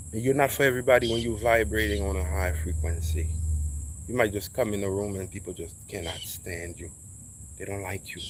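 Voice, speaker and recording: A man's voice: on the low side, background noise. A man giving a casual spiritual monologue, preachy and emphatic, swearing freely as he talks. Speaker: speaker sharing spiritual views.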